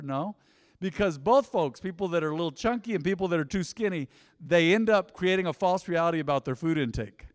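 A pastor in his thirties preaches a relaxed, conversational sermon to his congregation in a church sanctuary, peppering it with rhetorical questions and asides. His voice is fairly high-pitched, animated and brisk, with a long reverb tail trailing each phrase.

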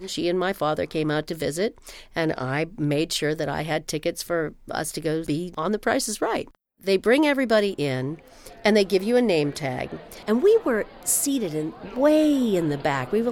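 A woman telling a personal story in a wry, animated way. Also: fairly low pitch, moderate pace. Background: music.

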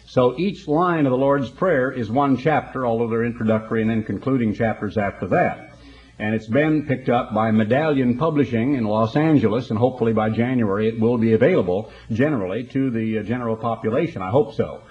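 A man's voice: medium pitch, fairly quick, a little mellow, lo-fi sound. A man preaching a broadcast sermon in a folksy, conversational storytelling manner.

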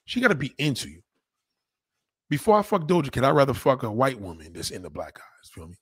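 Husky man ranting with lively pitch. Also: a little fast, no echo. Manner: blunt, crude, repeats himself for emphasis. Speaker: monologue speaker. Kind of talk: casual profane rant.

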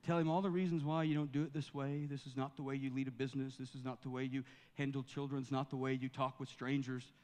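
A man's voice: medium pitch, flat delivery, quick pace, hardly any pauses, a little mellow, long reverb tail. A man preaching a sermon in a church, building to fervent scripture reading. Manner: preaching with rising fervor, reading scripture aloud. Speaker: pastor. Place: church sanctuary.

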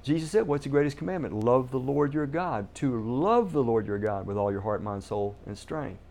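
Middle-aged male pastor, mellow tone, emphatic sermon delivery. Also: mid-range voice, expressive, normal speed, creaky. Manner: emphatic, repeats key words for stress.

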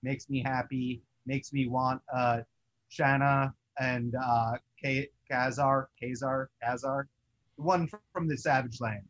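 A young man co-hosting a toy collecting show, chatting in an excitable, rambling way. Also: medium pitch, unhurried, lo-fi sound, a little hiss or hum. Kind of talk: casual chat.

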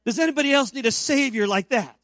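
Man, pastor, fifties, Easter sermon, high voice, builds to emphatic peaks then drops quiet. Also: fast talker, no echo, clean studio sound. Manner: preaching with rising emphatic peaks and quiet low stretches.

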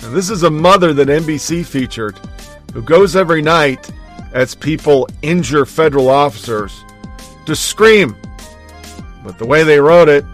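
A man's voice: a little high, expressive, normal speed, soft background music. A man hosting a talk show, reading news items aloud with sarcastic commentary. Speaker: show host.

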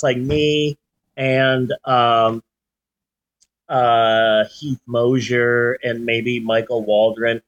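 A man in his forties hosting a podcast, chatting casually and telling stories in an animated way. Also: medium pitch. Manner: animated storyteller, does sound effects. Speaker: podcast host. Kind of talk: casual chat.

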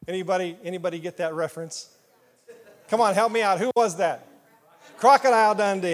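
Animated man preaching in a reverberant church. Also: high-pitched, a little fast, long pauses. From southeast Iowa, US. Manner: animated, asks the congregation questions, playful. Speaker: pastor. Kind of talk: sermon. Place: church hall. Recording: long hall reverb.

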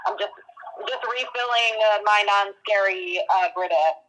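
A woman's voice: mid-range voice, a little slow, a bit bright, low-quality recording. A young woman co-hosting a casual podcast, talking hesitantly with many halts and restarts. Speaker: podcast co-host. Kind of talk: casual comedic podcast chat.

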